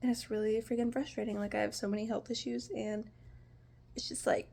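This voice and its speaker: A woman's voice: a little high, little pitch movement, fast talker, vocal fry, mellow. A woman in her twenties from the United States, rambling casually to the camera in a vlog at home, full of "like" and "you know". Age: 20s. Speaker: vlogger. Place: home apartment.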